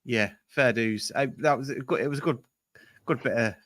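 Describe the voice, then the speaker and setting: A man's voice: mid-range voice, moderate pace, a bit bright. A man hosting a casual football podcast, jokey and laid-back, often ending with tag questions. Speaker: podcast host.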